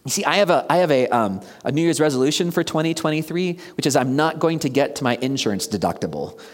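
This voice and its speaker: A man around fifty preaching a conversational sermon, asking the congregation questions and dropping to a hushed near-whisper for emphasis. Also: fairly high pitch, lively intonation, quick pace. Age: about 50. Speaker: pastor. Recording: long reverb of a large hall.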